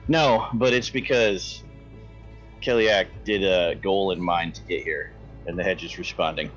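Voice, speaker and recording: Low-voiced man running a tabletop game. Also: measured pace, a bit bright. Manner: descriptive, rambling, self-correcting. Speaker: game master. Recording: dull lo-fi mic with faint music.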